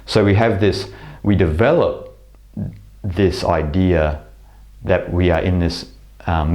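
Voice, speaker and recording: A man with a deep, slightly mellow voice gives a reflective spiritual lecture straight to camera. As a spiritual teacher, he speaks with frequent fillers and often restarts his sentences.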